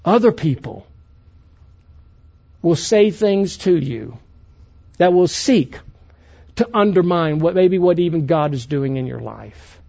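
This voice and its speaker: A man delivers a sermon in a high, animated voice that climbs and drops widely. He preaches emphatically, swinging between loud passages and hushed ones. The recording sounds dull and lo-fi. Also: takes it slowly, gravelly, pauses often. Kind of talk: sermon to a youth conference.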